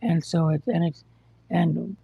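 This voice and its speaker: Gravelly, short-of-breath live-stream talker. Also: medium pitch, steady tone, measured pace, dry recording, dull audio. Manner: blunt, exasperated, lecturing. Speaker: livestream host telling of hospital care. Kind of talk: casual live-stream monologue.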